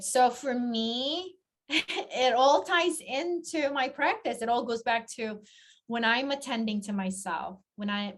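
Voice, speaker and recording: Woman, confidence coach; higher voice, earnest, reflective interview guest. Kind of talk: casual podcast interview.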